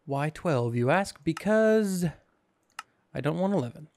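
A man's voice: on the high side, lively intonation, measured pace, darkish tone, no room sound. A man hosting a casual let's-play, talking through his game in a goofy, rambling way with jokes to himself, sleepy and yawning. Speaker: gaming channel host.

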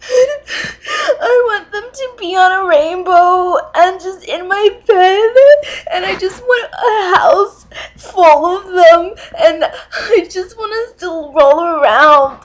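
A woman plays a high-voiced young woman filming her first dating video, hesitant and full of ums. She speaks slowly and keeps breaking into tears over her love of cats. It is a comedy sketch monologue. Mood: sobbing. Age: young adult. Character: tearful cat-obsessed young woman dating hopeful. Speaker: online dating video intro.

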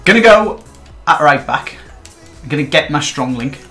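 Man, casual gaming chat, teasing banter, soft music behind. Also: a little high, lively intonation, moderate pace. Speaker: guest YouTuber.

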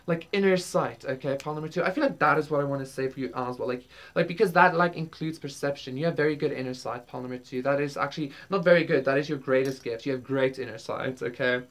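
A woman doing a casual tarot reading, rambling with many fillers and casual swearing. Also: deep voice. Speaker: tarot reader. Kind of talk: casual spiritual reading to camera.

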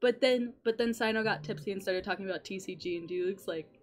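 A young adult woman streaming a game in casual chatter, excitable, rambling and swearing often. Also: mid-range voice, fast talker.

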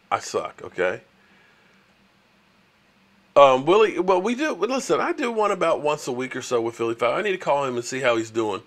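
A man's voice: mid-range voice, fairly bright tone. A man hosting a casual sports livestream, chatting with viewers and ranting at rival fans. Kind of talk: casual live-stream chat with viewers.

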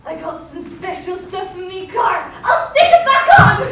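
A woman's voice: very high voice, little pitch movement, a little slow, fairly bright tone. An actress playing a bossy little girl who mocks and taunts another child in a sing-song way. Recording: echoey stage from far off with hiss.

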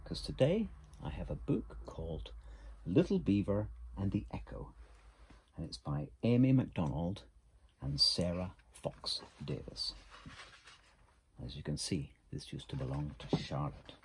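A middle-aged man reading a children's picture book aloud in a gentle, expressive way. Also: deep voice, unhurried, creaky, a little hiss or hum. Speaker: storybook reader.

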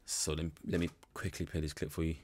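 A man's voice: a bass voice, level tone, fast talker, darkish tone, slight background noise. A young man giving rambling, frank commentary in a casual reaction video. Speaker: reaction channel host.

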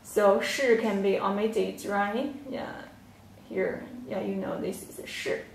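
Slow, patient woman teaching Chinese. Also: medium pitch, fairly even intonation, gravelly, far from the mic, a little hiss or hum. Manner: patient, repeats words, many fillers. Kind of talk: slow online language lesson. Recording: echoey room, off-mic.

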